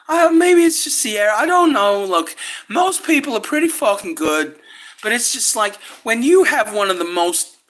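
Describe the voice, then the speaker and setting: A woman's voice: on the high side, big pitch swings, a little slow, a bit bright. A woman delivering a rambling, angry monologue, swearing nearly every sentence. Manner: swears constantly, rambling, frustrated. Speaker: vlogger.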